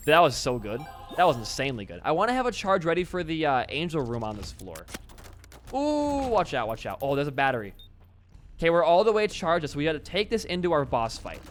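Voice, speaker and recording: A young man casually commentating his own gameplay, excitable and swearing freely as he talks at the game. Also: fairly high pitch, fast. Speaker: gaming channel host.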